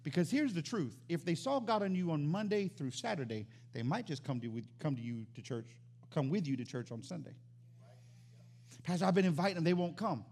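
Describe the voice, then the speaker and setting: High-voiced animated preaching man. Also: a little fast. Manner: animated, swings from loud exclamations to quiet emphasis. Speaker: pastor. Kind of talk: sermon.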